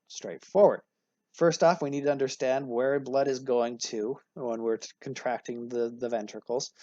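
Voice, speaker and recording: A man's voice: mid-range voice, mellow, no room sound. A man teaching anatomy in a recorded lecture, casual and upbeat, often correcting himself mid-sentence. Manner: casual and upbeat, with frequent self-corrections and analogies. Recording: dry, slightly dull recording.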